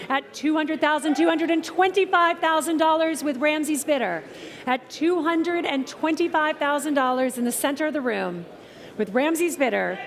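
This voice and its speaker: High-voiced playful woman auctioneer. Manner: brisk, playful patter with the bidders. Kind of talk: live auction calling. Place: auction tent at an outdoor car show.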